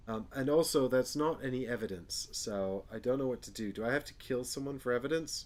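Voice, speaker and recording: Over background music, a man with a mid-range, darkish voice plays a board game and thinks aloud fairly quickly, hardly pausing. He's emotional, openly sighing and cursing when luck turns against him.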